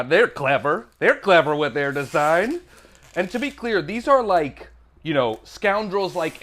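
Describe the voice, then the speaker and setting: A man's voice: a little high, a bit bright. A man hosting a board game unboxing, off the cuff and playful, with goofy asides.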